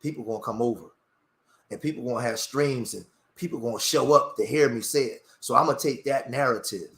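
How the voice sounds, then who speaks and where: A man's voice: mid-range voice, a little fast, creaky, fairly bright tone. A man talking on a live stream, impassioned and rambling, often restarting his sentences. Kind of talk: emotional live-stream talk. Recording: roomy echo.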